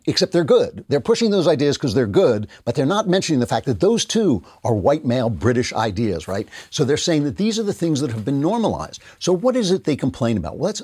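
Man, middle-aged, podcast host, sarcastic commentary, husky, dry studio sound. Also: mid-range voice, a little mellow, no room sound. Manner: sarcastic, mocking quotes of opponents. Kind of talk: political commentary monologue.

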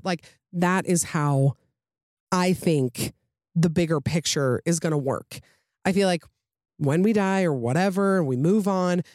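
A woman's voice: fairly low pitch, darkish tone, no room sound. Woman podcaster rambling casually, lots of likes, dry close sound. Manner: chatty, lots of fillers and tangents. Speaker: podcast host. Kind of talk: casual chat reading listener stories.

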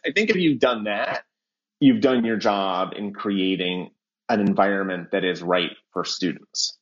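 Brief: male educator guest, lowish voice, reflective, dull lo-fi sound. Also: a little slow. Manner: thoughtful, laughs easily. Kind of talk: casual interview chat.

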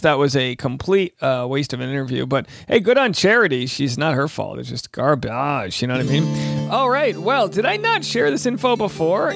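A man's voice: a little high, vocal fry, a bit bright, dry recording, studio quality. Chatty man hosting a podcast. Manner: joking, chatty, many fillers. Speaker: podcast host. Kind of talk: casual podcast monologue. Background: faint Celtic music.

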